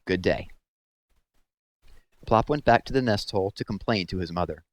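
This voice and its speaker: A man reading a children's book aloud with expressive storytelling, close to the mic. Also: lowish voice, fast talker, no echo. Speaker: read-aloud host.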